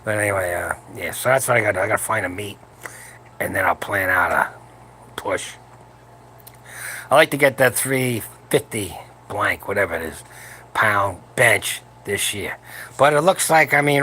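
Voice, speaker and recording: A man's voice: on the low side, sharp tone, a little hiss or hum. A man in his seventies hosting a late-night livestream for his powerlifting channel, talking in a crude, rambling, joking way from home while his wife sleeps nearby. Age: 70s.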